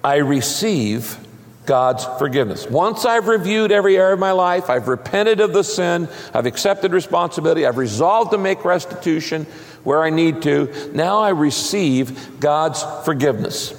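A man's voice: on the high side, animated, normal speed. A man preaching a sermon as pastor, emphatic, with big swings up and down in his voice. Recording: long reverb of a large hall.

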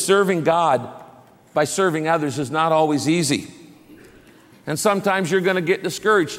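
A man's voice: a little high, long reverb tail. A man preaching a sermon as a pastor, telling stories with humor and building to emphatic preaching.

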